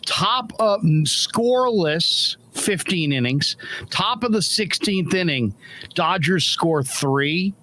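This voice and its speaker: A man hosting a casual post-game chat show, an animated storyteller who also reads viewer comments aloud. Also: high voice, slow pace. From Northern California. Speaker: show host.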